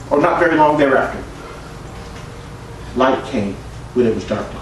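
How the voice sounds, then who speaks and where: A man preaching a sermon as pastor, calling out to his congregation and swinging between shouts and hushed asides. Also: high voice, very animated, moderate pace. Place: church sanctuary. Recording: echoey church room from far off, faint hiss.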